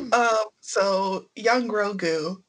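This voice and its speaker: A woman co-hosting a casual book discussion podcast, relaxed and chatty, laughing often. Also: mid-range voice. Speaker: podcast co-host.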